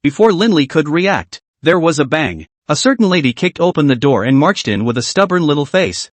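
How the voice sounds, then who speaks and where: A man's voice: a little high, sing-song, brisk, hardly any pauses, no echo. A man narrating a story recap in a scripted storytelling delivery.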